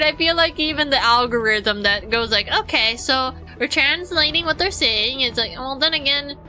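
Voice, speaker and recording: A woman's voice: sits high, sharp tone. A woman streamer chatting casually and playfully while playing a game, rambling through asides.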